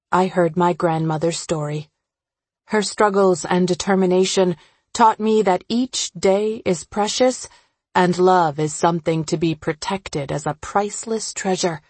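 Woman narrating a story, measured and dry. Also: lowish voice, a little mellow, no room sound.

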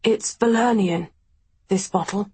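Woman reader doing a dying charmer: weak, husky, unhurried, softly teasing. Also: medium pitch. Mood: wistful. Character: dying gentle charming man, weak-voiced.

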